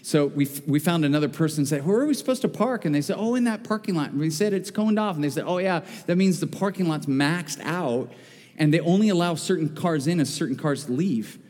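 A man's voice: a little high, fairly quick, darkish tone, long reverb tail. A man preaching a sermon as pastor, mixing family stories with emphatic, rising calls to persistent prayer. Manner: storytelling with emphatic, rising exhortations. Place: church sanctuary.

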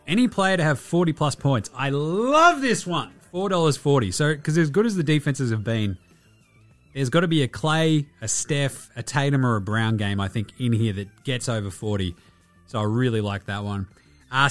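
A man's voice: mid-range voice, animated, normal speed, no room sound, soft background music. An Australian man in his thirties hosting a casual sports podcast, sweary, irreverent and rambling. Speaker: podcast host.

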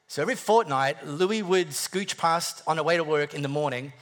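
A man's voice: on the high side, moderate pace, a bit bright. A male preacher giving a sermon in a jokey, conversational storytelling way, with wry self-deprecating humor and frequent restarts.

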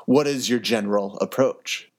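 A man's voice: on the low side, moderate pace. Earnest young man teaching on a podcast. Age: young adult. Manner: earnest storytelling, acts out quoted dialogue. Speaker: podcast host, emergency medicine resident. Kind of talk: educational podcast with a personal story.

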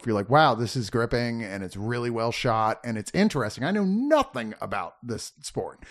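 Male podcast host, lively and joking, easygoing film chat. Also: medium pitch. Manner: animated, joking, laughs often. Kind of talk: casual chat.

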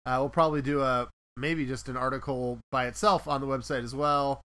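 A man's voice: mid-range voice, steady tone, brisk, sharp tone. A man hosting a podcast, chatting casually and rambling a little as he laughs at himself. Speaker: podcast host.

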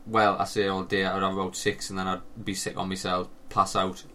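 A man's voice: sits low, completely flat delivery, brisk, bright, forceful tone, slight background noise. A young man, co-hosting a podcast in casual, sweary banter with lots of fillers. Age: young adult. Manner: laid-back banter, swears, trails off with fillers. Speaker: podcast co-host. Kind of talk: casual chat.

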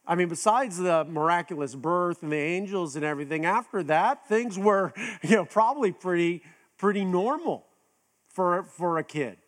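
A man's voice: lively intonation, normal speed. A middle-aged man preaching a sermon in a conversational way, with many restarts, now and then acting out quoted voices. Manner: acts out quoted voices with raised pitch. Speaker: pastor.

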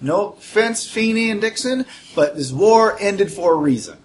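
A man's voice: sits high, expressive, moderate pace, a little hiss or hum. A man playing a tabletop game, rambling and joking as he lays out plans. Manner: rambling, joking, lots of fillers. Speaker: player. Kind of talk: casual tabletop game chat.

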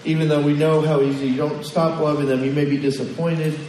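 A man preaches a sermon, asking the congregation questions in a conversational, pastoral way. His voice is fairly high and mellow. It comes from well back from the mic in a roomy, echoing hall. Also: level tone, fairly quick, a little hiss or hum. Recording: echoey hall from far off.

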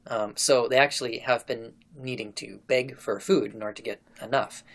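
A male podcast host retelling an old story in a relaxed, conversational way. He talks casually to his guests and laughs easily between lines. His pitch sits in a middle range. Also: normal speed.

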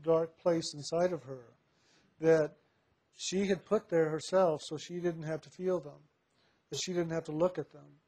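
A man with a somewhat high voice tells a personal story at an unhurried, reflective pace. He laughs softly now and then as he recounts it.

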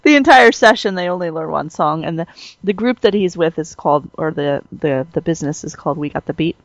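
A woman's voice: sits low, animated, a little fast, no echo, muffled recording. Bubbly, giggly woman podcaster. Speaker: podcast co-host. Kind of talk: casual chat.

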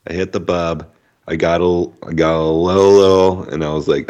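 A man's voice: sits low, little pitch movement, normal speed, a little mellow. A man co-hosting a podcast, telling a rambling story in a laid-back, casual way. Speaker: podcast co-host. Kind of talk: casual chat. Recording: dull lo-fi sound.

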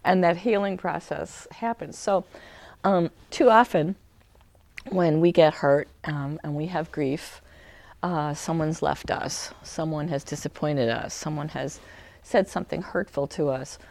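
Speaking a little slowly with vocal fry, a woman gives a small-group talk on emotional healing. Her delivery is conversational with many fillers and restarts, and at times she imitates a crying child with a high shout.

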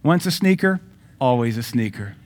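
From the pulpit, a pastor delivers a sing-song sermon in a mid-pitched voice, hammering each point. He moves abruptly between loud, insistent proclamations and soft, drawn-out asides, keeping the church preaching plain, forceful, and direct.

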